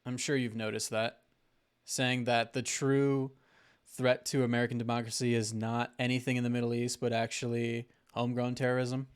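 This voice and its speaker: A man hosting a podcast, rambling casually through his theories with plenty of hedging fillers. His voice is smooth and clear, at an average pitch. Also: level tone, moderate pace. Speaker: podcast host. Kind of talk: casual conspiracy-minded chat.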